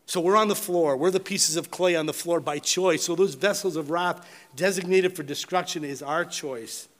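A male pastor delivers a sermon with a fairly high-pitched voice. He pushes phrases up loud and emphatic, then sinks to low, quiet endings. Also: normal speed. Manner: dynamic preaching, swinging from loud emphatic peaks to low quiet drops.

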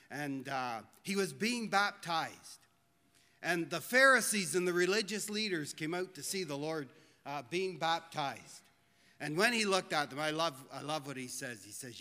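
A man preaches to a congregation in an earnest, pleading voice, drawing out key words. His voice sits high and sounds bright and forceful. The sound rings with the long reverb of a church hall. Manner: earnest, pleading, slows for emphasis. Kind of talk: sermon.

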